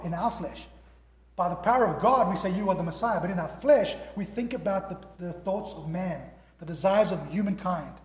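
Brief: male pastor, high voice, emphatic sermon delivery, acts out scripture dialogue, long hall reverb. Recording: echoey hall.

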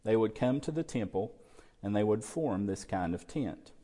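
A man's voice: on the low side, animated, moderate pace, dark tone, long reverb tail. A man preaching a sermon, explaining scripture and asking the congregation rhetorical questions. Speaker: pastor.

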